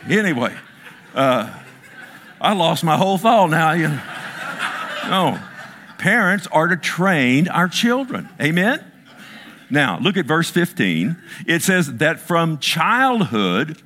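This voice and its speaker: A man's voice: fairly high pitch, fairly bright tone. A middle-aged man, a pastor, preaching a sermon and asking his congregation for responses.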